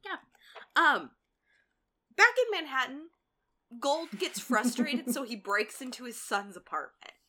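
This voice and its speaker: A woman co-hosting a casual TV recap, animated, laughing often and swearing freely. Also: sits high, unhurried, long pauses, slight background noise. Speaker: podcast co-host.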